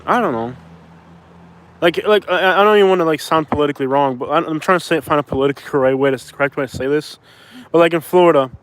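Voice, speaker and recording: Rambling Cuban-born man with a higher voice. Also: quick pace. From Cuba. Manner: rambling, filler-heavy, reads out chat comments. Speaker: vlogger, live streamer. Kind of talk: casual live-stream talk. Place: outdoors, walking around a town.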